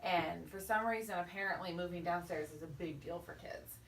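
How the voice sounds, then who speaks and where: A woman's voice: fairly low pitch, fairly quick, a bit bright. A woman in her thirties, a mother and co-host, telling a family story in casual chat and acting out what people said. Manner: storytelling, acts out quotes. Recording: echoey room, distant mic, faint noise.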